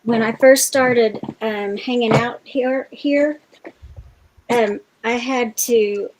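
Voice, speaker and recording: A woman in a casual group chat, speaking in an unhurried, thoughtful way with many pauses and fillers. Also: a little high, fairly even intonation, background noise.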